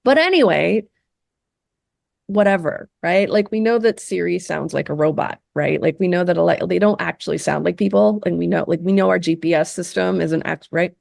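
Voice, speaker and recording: Low, gravelly woman talking casually. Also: moderate pace, darkish tone, dry recording, studio quality. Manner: conversational, many fillers and tag questions. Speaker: meditation session leader. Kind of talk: casual talk to a group.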